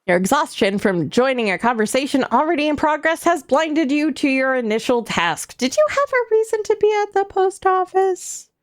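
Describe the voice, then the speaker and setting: High, lively woman reading game text. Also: moderate pace, few pauses. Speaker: streamer. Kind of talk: reading game narration aloud while playing.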